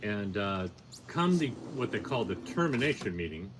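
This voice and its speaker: Older guy spinning a work story, kinda low voice, plain and matter-of-fact, faint hiss behind. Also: moderate pace. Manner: plainspoken, matter-of-fact, building to animated peaks. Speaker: podcast guest, storyteller. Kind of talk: casual storytelling chat.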